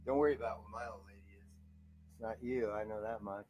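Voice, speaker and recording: A man improvising comedy as a rough, swaggering bar musician, trading profane threats and banter with a crowd. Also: fairly low pitch, steady tone, fast talker, over music, poor audio. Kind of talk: improvised character comedy monologue.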